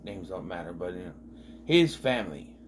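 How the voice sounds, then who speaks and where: A man's voice: low-pitched, very animated, normal speed. A man reviewing an old comedy film in a casual vlog, rambling with restarts and fillers.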